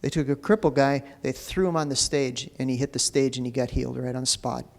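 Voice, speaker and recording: A pastor preaches loosely and conversationally in a church sanctuary, dropping in lots of "you know" fillers. His medium-pitched voice is steady and a little fast, with the long reverb of a church hall around it.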